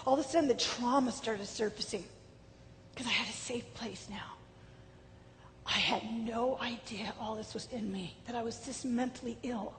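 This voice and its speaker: A woman giving an animated personal testimony, acting out quoted voices, swinging from lively to low and subdued. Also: moderate pace. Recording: hall reverb with faint background noise.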